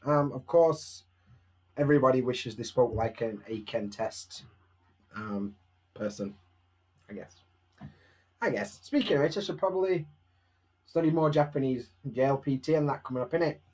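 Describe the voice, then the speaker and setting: A man's voice: mid-range voice, expressive, moderate pace, long pauses, darkish tone. A young man with a Barnsley Yorkshire accent, chatting casually and self-mockingly at home on a live stream, answering viewers' questions.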